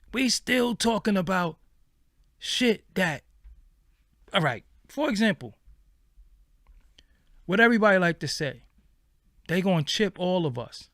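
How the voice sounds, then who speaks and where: A man hosting a livestream, ranting casually in animated, profane street slang. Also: sits high, no echo, clean studio sound. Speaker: livestream host.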